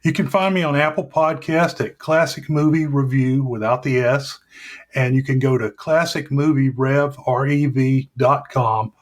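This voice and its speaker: A man's voice: medium pitch, steady tone, unhurried. A man guest on a movie podcast, chatting casually and often restarting his sentences. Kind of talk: casual interview chat.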